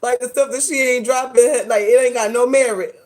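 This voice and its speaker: Sassy woman vlogger, animated. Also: fairly high pitch, a little fast. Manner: animated, dramatic, sassy with slang. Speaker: host. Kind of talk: casual commentary vlog.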